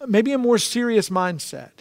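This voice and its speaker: Emphatic high-voiced male preacher. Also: expressive, moderate pace, creaky, no room sound. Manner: emphatic, repeats key phrases. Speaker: pastor. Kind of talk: sermon.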